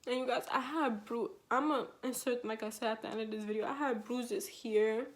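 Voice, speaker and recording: A woman's voice: a little high, steady tone, normal speed. A woman vlogger telling a storytime vlog in casual, slangy speech full of fillers, retelling it with emotion.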